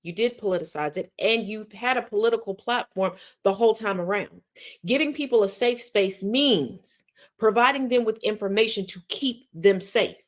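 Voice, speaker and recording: A woman's voice: medium pitch, moderate pace. A woman hosting a commentary video, breaking down clips in a sarcastic, mocking, pointed way. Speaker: commentary host.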